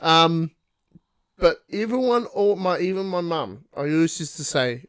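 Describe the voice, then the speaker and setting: A young man with a New Zealand accent, co-hosting a casual podcast chat, laughing often and swearing freely as he tells animated stories. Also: fairly high pitch, moderate pace, clean tone, no room sound, clean studio sound. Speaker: podcast co-host.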